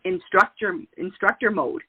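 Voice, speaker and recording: A woman hosting an interview, chatty and quick to laugh. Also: medium pitch, huge pitch swings, gravelly, slightly rough. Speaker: host. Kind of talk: casual interview chat. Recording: tinny phone-like line.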